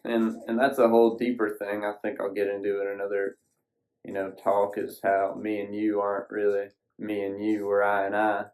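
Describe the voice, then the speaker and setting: Solo podcast host, male, lowish voice, loose folksy ramble, some cussing. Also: completely flat delivery, normal speed, darkish tone, rough recording. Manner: folksy, rambling, casual swearing. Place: sitting alone at a screen.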